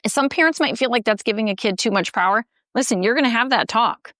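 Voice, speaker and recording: A woman's voice: fairly high pitch, animated, a little fast, few pauses, fairly bright tone, no room sound, studio quality. A woman author on a live chat, explaining parenting advice and acting out what a parent might say. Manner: explains with acted-out parent quotes. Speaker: book author guest.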